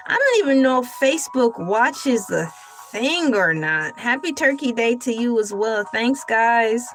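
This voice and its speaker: A woman's voice: fairly high pitch, lively intonation, a little slow, a bit bright, faint music behind. A young adult woman hosting a casual livestream, chatty and laughing often as she talks to her chat. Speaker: livestream host.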